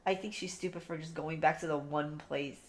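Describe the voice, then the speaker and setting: A woman co-hosting a podcast, giving a blunt, profane, animated book review in casual chat. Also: low voice, brisk. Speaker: podcast co-host.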